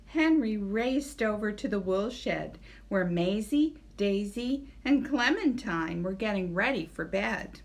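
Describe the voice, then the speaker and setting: A woman librarian reading a picture book aloud to young children, gentle and expressive. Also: medium pitch, slow, hardly any pauses.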